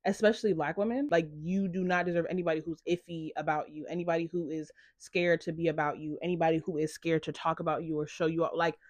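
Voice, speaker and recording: A young woman talks straight into the camera in a casual confessional vlog. She is chatty and animated, telling her story with plenty of "like." The sound is close and dry, with no room around it. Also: sits low, quick pace, few pauses, dry recording. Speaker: content creator.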